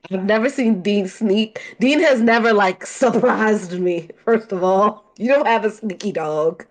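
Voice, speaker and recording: A woman's voice: mid-range voice, a little slow. A Baltimore woman co-hosting a casual podcast in an everyday mid-range voice. She tells stories in loose bursts full of "like" and laughs easily, often sounding a little defensive. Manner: laughing, defensive storytelling with many fillers. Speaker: podcast co-host. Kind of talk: casual chat.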